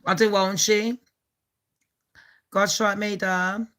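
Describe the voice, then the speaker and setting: A woman with a Birmingham accent dishes gossip for her channel in a slow, unhurried drawl. Her voice is bright and forceful, and her talk is brash, full of swearing and laughter. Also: medium pitch, little pitch movement. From England. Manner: foul-mouthed, frequently laughing, brash. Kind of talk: casual gossip vlog.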